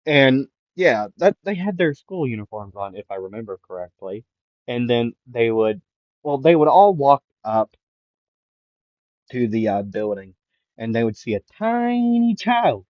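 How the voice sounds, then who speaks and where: A man telling an improvised fan story slowly, wandering through it with constant fillers. The sound is close and dry. The mic is muffled and lo-fi. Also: mid-range voice, no room sound. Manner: rambling, many fillers.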